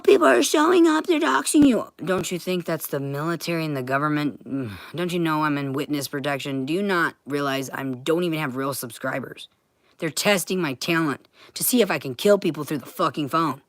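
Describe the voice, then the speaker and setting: A woman with a notably low voice rants to her stream audience, swearing in nearly every sentence. The sound is dry and close, with no room around it. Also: pushed and bright, dry recording. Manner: profane, ranting, swears constantly. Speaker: vlogger. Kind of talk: livestream rant to viewers.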